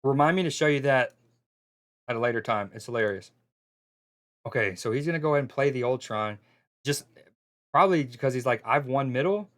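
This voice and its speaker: Male streamer co-commentator, mid-pitched, loose and talkative, prone to fillers and sudden bursts of excitement. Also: brisk, long pauses. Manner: chatty, loose, excitable, with frequent fillers and restarts. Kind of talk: casual live stream commentary.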